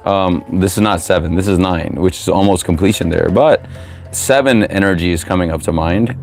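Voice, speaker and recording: A man giving a live tarot reading to viewers, profane and preachy, with sudden loud whoops. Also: sits low, moderate pace, creaky, faint music behind. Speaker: tarot reader, live streamer.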